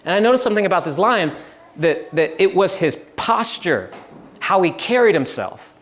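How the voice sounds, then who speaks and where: Young guy preaching, slightly high voice, loose and chatty, laughs through his stories. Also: normal speed. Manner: relaxed, chatty storytelling with laughs and restarts. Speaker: pastor. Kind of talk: casual sermon with storytelling.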